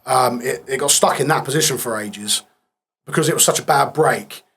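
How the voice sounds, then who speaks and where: Guest: man, 30s, husky, subdued and plain-spoken, recounting events in a casual interview. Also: medium pitch, normal speed, a bit bright. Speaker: podcast guest.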